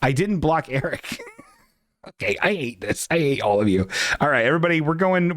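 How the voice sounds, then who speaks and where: A man's voice: a little high, very animated, a little fast, over loud music. A man hosting a live-streamed show, chatting casually and reading chat aloud in a flustered, rambling way. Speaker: podcast host.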